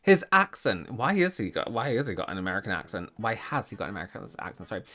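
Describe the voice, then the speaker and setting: A man's voice: lowish voice, sing-song, fast talker, fairly bright tone. A man hosting a reaction video, rambling and cutting himself off as he chats to camera. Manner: rambling, self-interrupting, laughs often. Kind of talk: casual commentary to camera.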